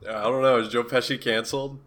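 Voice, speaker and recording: A man's voice: mid-range voice, steady tone, fast, noisy background. A man co-hosting a casual podcast, trading dry quips and laughing often. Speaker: podcast co-host.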